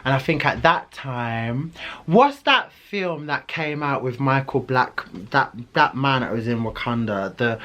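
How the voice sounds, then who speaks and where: A young man telling a storytime story in a dramatic, animated way. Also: medium pitch. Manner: animated, dramatic, shrieks and laughs. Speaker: vlogger. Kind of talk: storytime vlog.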